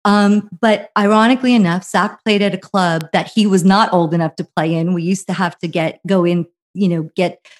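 A middle-aged woman from New Jersey telling a long story as a guest, animated and full of fillers, acting out other people's quotes. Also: on the low side. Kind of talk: casual anecdotal storytelling.

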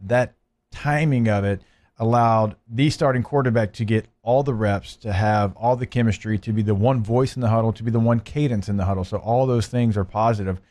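Low-voiced man breaking down football. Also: fairly quick. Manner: relaxed, analytical, steady. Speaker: podcast co-host. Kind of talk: casual sports podcast chat.

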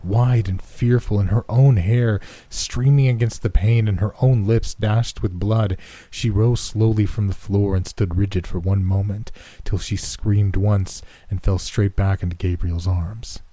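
A man narrating a horror story in a slow, measured way. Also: on the low side, fairly even intonation, mellow, dry recording.

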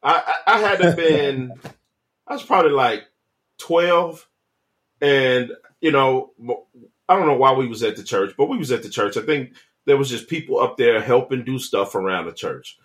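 A man co-hosting a church podcast, telling a funny childhood story in a relaxed way. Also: medium pitch, moderate pace. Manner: relaxed, laughs through his story. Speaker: podcast co-host. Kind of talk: casual storytelling chat.

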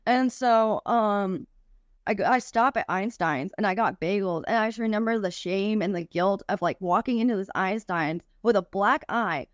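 A woman's voice: medium pitch, no echo, studio quality. A young woman, a podcast guest, tells a personal story candidly, with frequent swearing and many "like" fillers.

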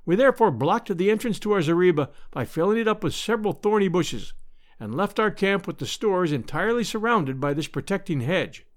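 A male narrator reads an adventure novel aloud in scripted narration, measured yet expressive. His voice sits fairly high and moves with lively, wide-ranging intonation. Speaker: audiobook narrator.

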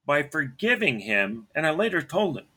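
A man tells a personal story in an earnest, steady way. His voice sits at a middle pitch with a bright, forceful edge. He clears his throat often between phrases. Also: normal speed. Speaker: son telling a personal story.

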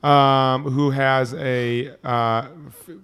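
A man's voice: medium pitch, little pitch movement, extremely slow, fairly bright tone, smooth. A man co-hosting a podcast, recapping episodes in a loose, rambling way. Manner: loose and rambling, lots of fillers. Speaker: podcast co-host. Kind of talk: casual chat, recapping episodes.

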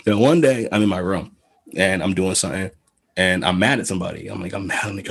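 Husky low-voiced man chatting loosely. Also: steady tone, quick pace, fairly bright tone. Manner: rambling, swearing, frequent restarts and quoted asides. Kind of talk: casual podcast chat.

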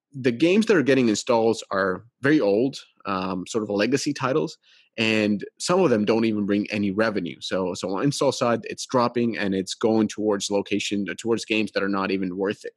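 Male podcast host, lower voice, relaxed reader with easy restarts, dry studio sound. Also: no room sound. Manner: relaxed, with restarts and small laughs. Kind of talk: casual chat and reading an article aloud.

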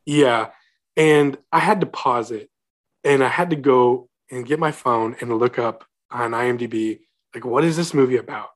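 A man's voice: mid-range voice, moderate pace. A young man co-hosting a casual movie chat, sarcastic and incredulous as he picks a film apart. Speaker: podcast co-host.

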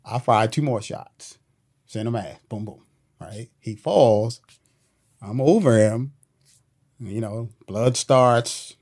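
Man telling a police story, animated. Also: medium pitch, slow pace, pauses often. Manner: animated retelling with slang and quoted voices. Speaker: police officer guest. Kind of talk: casual storytelling interview. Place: podcast studio.

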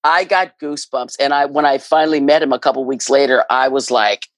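A middle-aged woman chatting as an interview guest, animated and quick to laugh. She repeats words for emphasis and tells stories in an easy, friendly way. Her voice sounds close and dry, with very little room sound. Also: very deep voice, dry recording, low-quality recording. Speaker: ballpark PA announcer, guest. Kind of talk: casual interview chat.

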